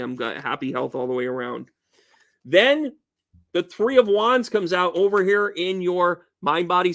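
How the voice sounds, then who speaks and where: High-voiced, exuberant male tarot reader. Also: a bit bright. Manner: exuberant, joking, blunt, swears casually. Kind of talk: casual tarot reading video.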